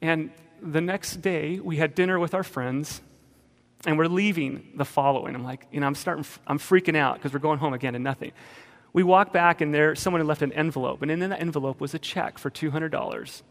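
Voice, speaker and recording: A man telling a personal testimony in a sermon, animated, sometimes shouting. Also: a little high, brisk, big-room sound. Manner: animated storytelling, bursts of shouting.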